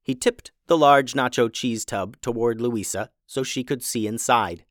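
A man narrating a children's story in an expressive, playful way. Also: medium pitch, measured pace, no room sound, studio quality.

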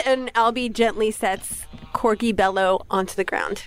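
A woman's voice: mid-range voice, fairly even intonation, unhurried, hardly any pauses, clear, resonant tone. A woman playing a tabletop game, chatty and amused. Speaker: player.

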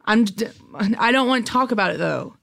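A young woman with a somewhat high voice talks into a podcast mic. She plays her bits deadpan and flustered. She keeps slipping into giggles. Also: fairly quick, creaky. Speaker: guest comedian. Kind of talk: improvised comedy chat.

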